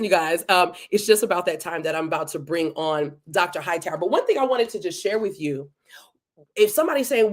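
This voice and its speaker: A woman hosting a live podcast, greeting viewers one by one and talking to them in an effusive, repetitive way. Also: medium pitch. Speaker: podcast host. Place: home in Delaware.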